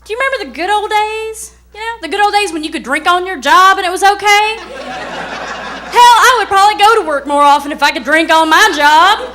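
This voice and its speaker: A woman's voice: very high-pitched, animated, normal speed, sharp tone, a faint crowd, slight background noise. A woman comedian doing a stand-up set in a drawling, folksy way on a club stage.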